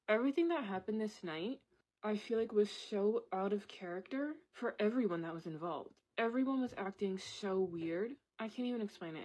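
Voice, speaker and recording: Young woman w a lowish voice, casual storytime, chatty, says literally a lot. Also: a little mellow, rough recording.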